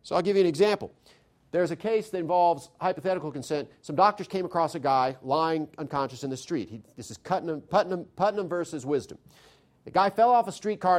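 High-voiced man giving a lively lecture. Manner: lively, conversational, asks the audience questions. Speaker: lecturer on constitutional theory. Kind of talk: live lecture to an audience.

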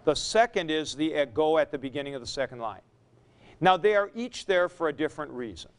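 A man's voice: a little high, animated, fairly quick, clear, resonant tone. A man teaching a Greek grammar class. He stops to correct himself and repeats the key points. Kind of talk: lecture.

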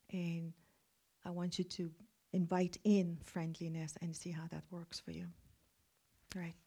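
A middle-aged woman leading a guided meditation, speaking gently and often slipping into breathy half-whispers. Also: fairly low pitch. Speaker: meditation teacher.

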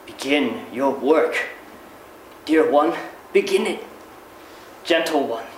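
A man reading the part of a gentle, loving old monk elder in a slow, tender, solemn way. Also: on the high side, expressive, slight background noise, pitched below the performer's own voice. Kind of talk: dramatic reading. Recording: echoey room, mic far off.

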